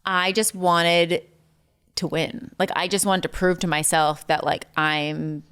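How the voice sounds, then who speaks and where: A woman's voice: lowish voice, level tone, slow, a bit bright, smooth. A woman guest in casual chat, telling stories with many "like" fillers. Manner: chatty storytelling full of "like" fillers. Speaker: podcast guest.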